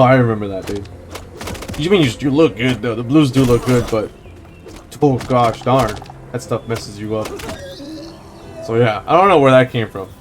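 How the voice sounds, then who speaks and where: A young man in a middle register chats loosely over his gameplay. He wanders off into joking stories and swears now and then. Faint music plays under his voice. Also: medium pitch. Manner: rambling, swears, joking anecdotes. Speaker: let's play host. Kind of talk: casual gameplay commentary.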